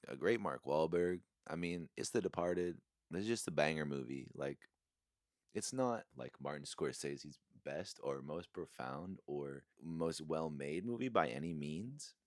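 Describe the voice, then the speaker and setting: Low-voiced man rambling about movies. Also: no room sound, clean studio sound. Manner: rambling, lots of fillers and "like", chuckles often. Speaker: movie reviewer. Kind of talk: casual movie rant.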